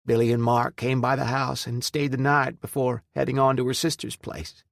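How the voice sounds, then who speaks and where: A man's voice: medium pitch, little pitch movement, normal speed, creaky, dry recording, clean studio sound, pitched above the performer's own voice, natural voice. A man voicing a stern but loving middle-aged mother who scolds firmly. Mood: tearful. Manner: scolding, firm.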